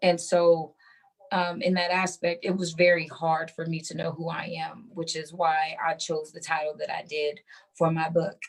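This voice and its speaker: A woman author talking about her life in an interview, animated, with many fillers and easy laughter. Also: sits low, normal speed. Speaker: guest author. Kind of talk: conversational interview.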